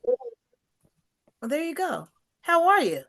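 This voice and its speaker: A woman hosting over a video call, lively and playful, laughing easily. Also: very high-pitched, drawn-out words. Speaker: next segment host. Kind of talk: casual hosting chat.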